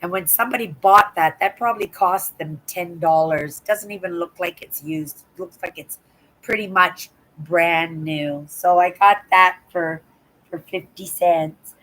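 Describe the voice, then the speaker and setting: An older woman with a hoarse voice, chatting in a rambling way on her live stream from home and repeating words. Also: fairly low pitch, unhurried, fairly bright tone, poor audio. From Canada. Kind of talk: casual chat. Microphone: laptop.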